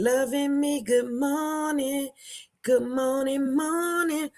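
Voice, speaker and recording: A woman hosts a casual livestream and greets her viewers one by one. Her voice sits at an ordinary middle pitch. She swings between loud, bright bursts and low, muttered asides. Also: expressive, measured pace, soft background music. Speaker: livestream host.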